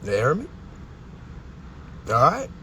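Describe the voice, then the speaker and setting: A man's voice: medium pitch, wildly swooping pitch, slow pace, background noise. A young man hosting a live stream, ranting in a confrontational, preachy and profane way from inside a vehicle.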